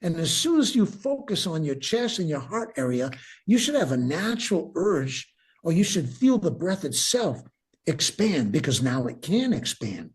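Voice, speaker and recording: An older man, a breathwork teacher, calmly leads a guided breathing meditation, repeating his cues as he goes. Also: on the high side, moderate pace, breathy edge. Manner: calm, instructive, repeats cues.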